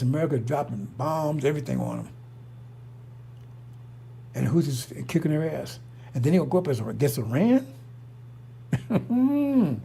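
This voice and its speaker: Blunt and foul-mouthed, a middle-aged religious commentator rambles through a casual preaching monologue, repeating himself often. His voice sits fairly high, with vocal fry and a mellow yet slightly rough quality.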